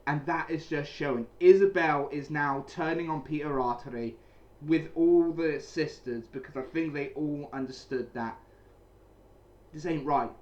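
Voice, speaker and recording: Casually reviewing and recapping a comic chapter, a man rambles on with many restarts and repeated phrases. He's in a small, cold room at home, a heater running. His voice is fairly high, a little slow, and a little mellow.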